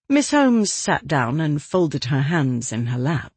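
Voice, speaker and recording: An audiobook narrator giving a measured, even scripted reading. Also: medium pitch, breathy edge, dry recording.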